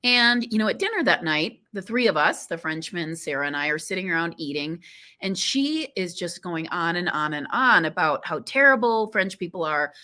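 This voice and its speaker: A woman tells a personal story as a podcast guest. Her voice is somewhat low, with a bright, forceful tone. She speaks animatedly and emotionally, and peppers her talk with "you know". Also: big pitch swings, normal speed.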